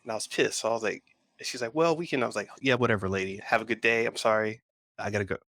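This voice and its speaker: A man with a lowish voice talks fast on a dry recording. He co-hosts a pop culture podcast and, in casual chat, tells a rambling story with animated retelling.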